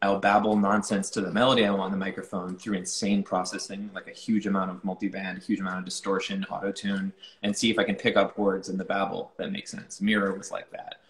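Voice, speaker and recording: A young man with a lowish voice talks loosely through his thoughts in a casual interview. He keeps restarting sentences and leaning on filler words. The room around him has a noticeable echo. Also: little pitch movement, a little fast, few pauses, fairly bright tone. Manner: rambling, many "like" fillers and restarts. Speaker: musician being interviewed.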